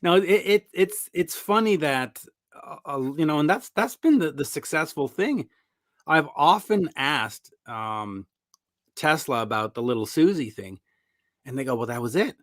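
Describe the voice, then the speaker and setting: A man's voice: a little high, unhurried, no echo. Dry-sounding man telling rock stories. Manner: animated storyteller, acts out fans' reactions; sardonic about song lyrics. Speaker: podcast guest, rock music commentator. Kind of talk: casual interview chat.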